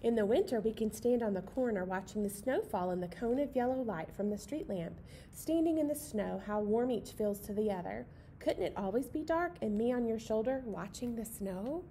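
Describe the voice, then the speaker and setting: A woman reading a picture book as a gentle night owl telling its own story, in a soft, tender, unhurried voice. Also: fairly high pitch, expressive, a little hiss or hum. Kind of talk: picture-book read-aloud.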